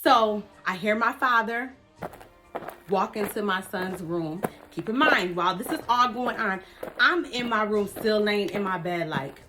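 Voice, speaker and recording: A woman vlogger telling a family story in an animated, chatty way, talking straight to her viewers. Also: mid-range voice, measured pace, music in the background. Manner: lively, addresses viewers directly.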